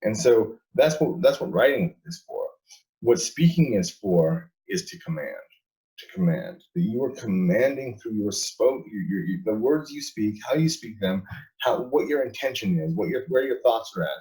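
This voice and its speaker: A man's voice: on the low side, expressive, moderate pace, mellow, low-quality recording. A man talking as a guest in a casual interview, emphatic, repeating and restarting his words, laughing between points.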